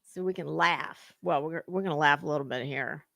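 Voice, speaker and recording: A woman's voice: low-pitched, fairly quick, vocal fry, a bit bright, dry recording, studio quality. A woman hosting a casual livestream, greeting viewers in chat and talking in a salty, chatty way with cusswords. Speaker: livestream host.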